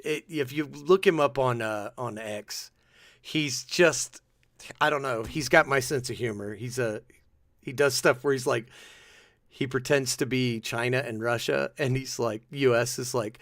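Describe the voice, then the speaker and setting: Excitable podcast host dude, bright voice, laughs a lot, dry mic. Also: male voice, medium pitch, normal speed, dry recording. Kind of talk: casual chat.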